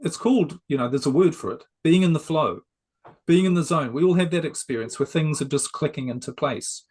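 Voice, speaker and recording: A man who is a success coach, a guest on an interview show, explaining ideas in a gently persuasive, conversational way. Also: on the high side, fairly quick, slightly rough.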